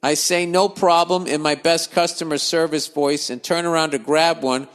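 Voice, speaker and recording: A man with a somewhat high voice rants his way through listener letters, swearing freely and wandering off on tangents. A long reverb trails after his words. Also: fairly even intonation, normal speed, fairly bright tone, clean tone. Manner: swears freely, grumbles and digresses. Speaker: podcast host reading listener letters. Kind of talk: profane comedic rant.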